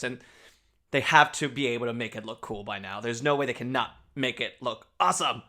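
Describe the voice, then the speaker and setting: A man's voice: medium pitch, quick pace, pushed and bright. A man hosting a reaction video, gushing and emotional, with lots of exclamations and "like.". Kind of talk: excited reaction commentary.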